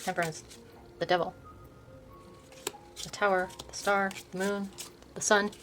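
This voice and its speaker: An older woman hosting her own video, softly showing tarot decks and reading card names aloud, often trailing off and restarting words. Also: mid-range voice, flat delivery, measured pace, faint music behind, poor audio. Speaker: host showing her tarot deck collection. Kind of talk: soft-spoken casual deck walkthrough.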